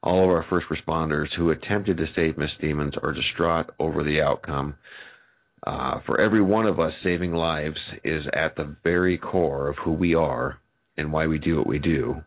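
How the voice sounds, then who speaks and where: Very deep-voiced man reading news over a tinny line. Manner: reads haltingly with fillers and restarts. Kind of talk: reading a news story aloud. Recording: tinny phone-like audio.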